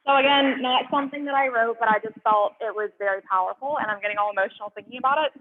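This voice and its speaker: A young woman at an open mic, reading poems aloud with earnest, halting asides between them. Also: fairly high pitch. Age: young adult. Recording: tinny phone-like sound.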